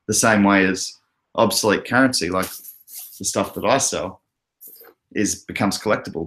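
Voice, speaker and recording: A man's voice: fairly low pitch, a bit bright. An Australian man hosting a casual crypto livestream, chatting loosely and laughing often as he reads out viewer comments. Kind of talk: casual live chat reading comments.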